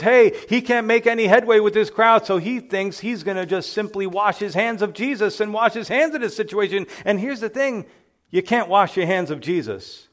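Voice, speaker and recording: A male pastor preaching a sermon, building to loud emphatic exclamations. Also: high voice, moderate pace.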